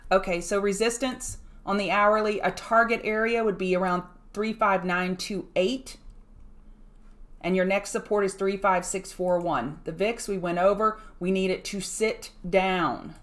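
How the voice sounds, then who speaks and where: A woman hosting a pre-market trading show, talking through charts in a chatty, self-deprecating way with lively asides. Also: medium pitch, unhurried. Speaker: market analyst host. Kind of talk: casual market commentary.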